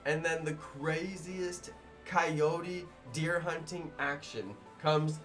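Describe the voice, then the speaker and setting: A man who makes gaming videos, telling a story to his viewers in a rambling, animated way. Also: on the high side, slow, faint music behind. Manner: animated, rambling, many fillers.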